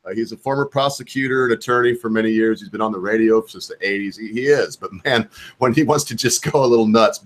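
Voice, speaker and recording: A man hosting a live stream in casual chat, who laughs easily and tells rambling anecdotes. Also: fairly low pitch. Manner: chatty and laughing, tells anecdotes with lively asides.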